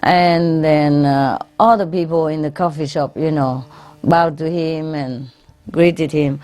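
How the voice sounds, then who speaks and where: A woman's voice sits low and steady, a little mellow, and she takes her time while faint music plays behind her. A spiritual teacher at a gathering hall, she jokes with a live audience in non-native English, laughing often at her own jokes and asking "no?" and "eh?" to keep listeners with her.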